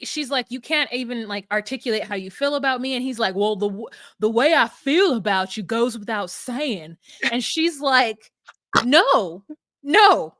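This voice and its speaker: A woman's voice: fairly high pitch, no room sound, clean studio sound. A young woman co-hosting a casual recap chat, laughing often and acting out what people said. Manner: laughing, animated, acts out quotes. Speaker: podcast co-host.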